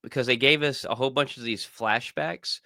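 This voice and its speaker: An excited man co-hosting a casual fan chat, his voice bright and forceful. He rambles and doubles back on his words, and sits close to a dry, deadened mic. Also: mid-range voice, normal speed, gravelly, dry recording. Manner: excited, rambling, repeats himself. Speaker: podcast co-host.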